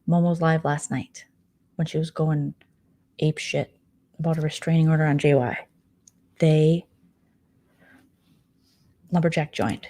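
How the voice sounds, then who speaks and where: A young adult woman vlogger doing casual late-night commentary, retelling drama in a gossipy, sarcastic, animated way. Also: low voice.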